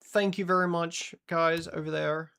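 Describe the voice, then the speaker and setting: Australian man, gravelly voice, slightly high, chatty, swears, game stream chat, music behind. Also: steady tone, measured pace, a bit bright. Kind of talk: casual live-stream gameplay chat.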